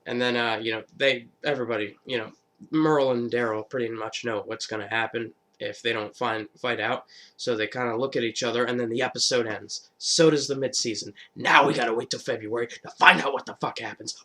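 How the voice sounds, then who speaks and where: A man with a mid-range pitch talking through a show recap off the cuff. He rambles, swears freely and leans on fillers as he goes. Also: fairly quick, sharp tone. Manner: rambling, profane, lots of fillers. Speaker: vlogger. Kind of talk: casual TV episode recap.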